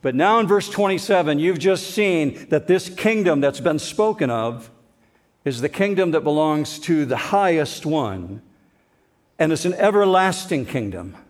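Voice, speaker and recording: A man's voice: a little high, animated, measured pace. A male pastor delivering a sermon, conversational yet strongly emphatic, leaning hard on key words.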